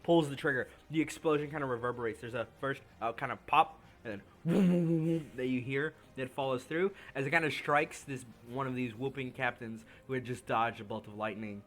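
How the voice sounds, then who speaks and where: A man's voice: mid-range voice, moderate pace, few pauses. A man narrating a tabletop game as game master, loose and laughing, full of fillers.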